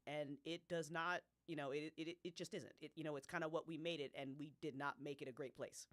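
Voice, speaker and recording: A woman who created an audio drama, talking casually on a live stream, swearing freely and laughing often, her voice jumping up when she gets excited. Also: low-pitched, fairly quick, no room sound.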